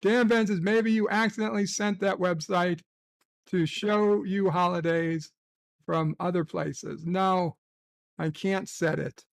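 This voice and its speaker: A man's voice: high-pitched, fairly even intonation, unhurried, vocal fry, dry recording. A man hosting a casual livestream chat, reading off the day's holidays and chat messages with crude, sarcastic asides. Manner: crude, sarcastic, profane rants. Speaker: livestream host.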